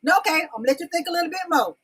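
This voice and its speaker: A woman with a very high, expressive, bright voice talks at a racing clip, and the recording is rough. She hosts her own live-stream talk show, chatting casually with viewers, repeating her questions and coaxing them to answer in the comments. Her manner is folksy, and she calls her audience y'all and babies.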